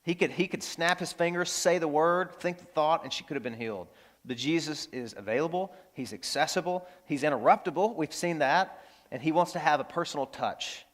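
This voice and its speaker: A man preaching a sermon as pastor, animated, swinging from loud exclamations to hushed, tender lines. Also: on the high side, fairly quick.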